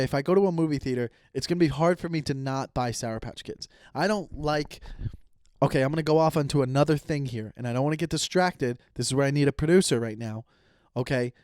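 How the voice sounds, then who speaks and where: A man in his thirties hosting a solo podcast, rambling and animated as he rants, swearing casually. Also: fairly high pitch, clear, resonant tone, dry recording, clean studio sound. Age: 30s. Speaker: podcast host. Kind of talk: solo comedic podcast rant.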